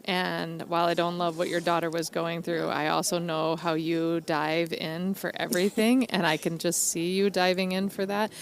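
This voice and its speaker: A woman's voice: fairly low pitch, flat delivery, moderate pace, few pauses. A middle-aged woman hosting a casual conversational interview, upbeat and enthusiastic, laughing often. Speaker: interview host.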